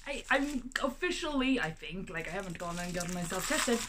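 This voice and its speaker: A young woman vlogging from her apartment as she unboxes a package, chatty and excitable, gasping and exclaiming with lots of fillers. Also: mid-range voice, brisk, a little hiss or hum. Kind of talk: casual unboxing vlog.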